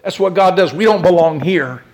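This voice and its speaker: High-voiced, animated male preacher. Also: normal speed. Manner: animated, swings from loud to hushed; speaks directly to listeners with questions. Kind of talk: sermon.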